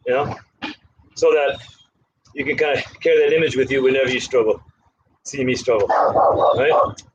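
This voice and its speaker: Breathless man counting push-ups, high-pitched. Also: muffled recording, slight background noise. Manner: rambling, breathless counting between stories. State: out of breath from exercise. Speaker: karate instructor. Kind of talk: casual talk while doing push-ups.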